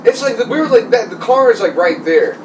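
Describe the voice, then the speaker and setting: A man's voice: very high-pitched, big pitch swings, a little fast. A young man hosting a podcast, telling a comedic ghost story in a rambling way full of "like". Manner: rambling, lots of "like". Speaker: podcast host. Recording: slightly distant mic, faint noise.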